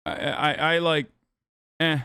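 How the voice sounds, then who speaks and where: A man's voice: a little high, slow, sharp tone, smooth, dry recording, studio quality. A man hosting a casual livestream reaction, joking, sarcastic and profane. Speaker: streamer host.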